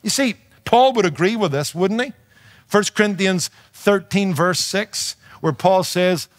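A man's voice: high-pitched, measured pace. A man preaching a sermon with a noticeable accent that is not local to his listeners, emphatic and playful, with rhetorical questions. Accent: non-native to his audience, noticeable. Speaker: pastor and radio preacher.

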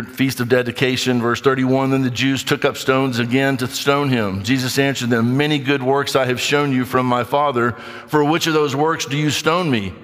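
A man preaching a sermon, reading scripture and acting out skeptics in quick, animated asides. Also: medium pitch, long reverb tail. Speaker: pastor.

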